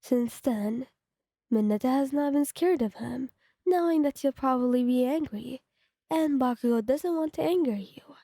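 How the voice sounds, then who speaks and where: Brief: young woman fan fiction narrator, even read-aloud tone, dry recording. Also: sits high, moderate pace, no echo.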